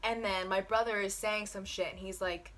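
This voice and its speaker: A woman's voice: medium pitch, fairly even intonation, normal speed, a bit bright. A young woman telling a casual, profane storytime to her handheld camera in her bedroom. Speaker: vlogger. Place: bedroom at home.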